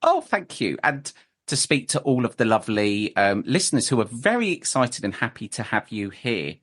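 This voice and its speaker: A man's voice: mid-range voice, sing-song, normal speed, fairly bright tone, breathy edge. A man hosting a podcast, asking questions in a polite, hesitant way. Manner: hesitant, polite, with fillers and restarts. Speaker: podcast host. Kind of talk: interview.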